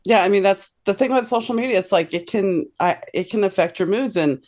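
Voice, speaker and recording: A woman's voice: mid-range voice, a little fast, a little mellow. A middle-aged woman hosting an interview, chatting casually and sharing personal anecdotes. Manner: conversational, tells personal anecdotes. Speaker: podcast host.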